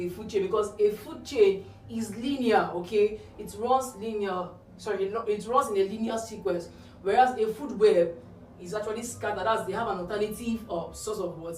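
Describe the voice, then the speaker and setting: A woman's voice: mid-range voice, normal speed, recorded from a distance. A woman tutors exam questions in a medium voice, posing rhetorical questions and answering them herself. She sits back from the mic in an echoey room. A faint hum of ambience runs underneath. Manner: checks understanding with frequent "okay?". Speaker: biology tutor. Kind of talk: exam-prep lesson explaining answers.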